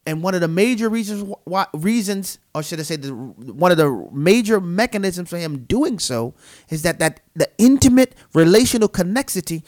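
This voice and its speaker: A man's voice: high-pitched, lively intonation, moderate pace, a little mellow. A man co-hosting a Christian talk show, speaking in an earnest, emphatic, preacherly way. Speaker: co-host. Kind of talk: Christian podcast conversation, preaching manner.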